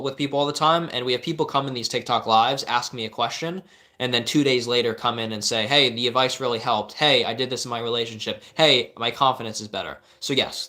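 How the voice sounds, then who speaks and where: A man's voice: medium pitch, bright, forceful tone. Earnest rambling young man giving advice. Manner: earnest, rambling, with many restarts and fillers. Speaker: life coach answering live viewer questions. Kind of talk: casual live-stream advice.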